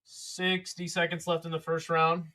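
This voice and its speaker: A man's voice: a little high, completely flat delivery, unhurried, sharp tone, dry recording, studio quality. A young man hosting a casual live fight companion stream, chatting with viewers between calls of the action and swearing freely. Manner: chatty, swears, reads chat aloud.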